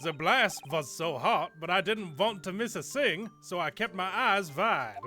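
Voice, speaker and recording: A man voicing a smug, rich little boy in a game dub, speaking slowly and boastfully. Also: sits high, expressive, sharp tone, soft background music, exaggerated voice.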